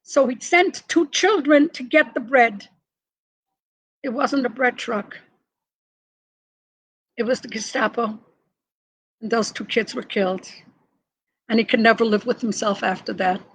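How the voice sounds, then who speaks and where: A woman's voice: a little high, measured pace, pauses often, husky, poor audio. An older woman being interviewed, telling a family story in a vivid, emphatic way. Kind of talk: personal storytelling.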